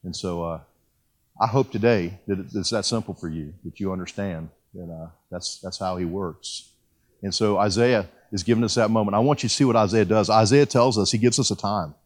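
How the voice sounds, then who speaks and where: A man's voice: on the low side, a little fast. A man in his fifties preaching a sermon and telling his personal testimony in a folksy, self-deprecating way, with frequent restarts. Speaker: pastor.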